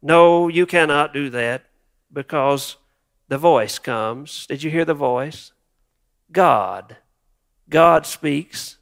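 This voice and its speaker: A man's voice: on the high side, very slow, vocal fry, long pauses, fairly bright tone. A male pastor preaching a sermon, reflective and wryly humorous, repeating words for emphasis.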